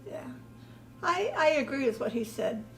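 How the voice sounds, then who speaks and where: An older woman with a somewhat high voice, earnestly encouraging young people heading off to college. She speaks in a sincere, steady way. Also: normal speed, poor audio. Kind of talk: advice speech.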